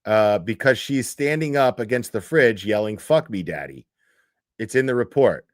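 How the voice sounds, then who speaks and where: A man's voice: fairly low pitch, lively intonation, normal speed, no echo. Profane exasperated man ranting, dry sound. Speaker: commentary streamer. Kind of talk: ranting reaction commentary reading posts aloud.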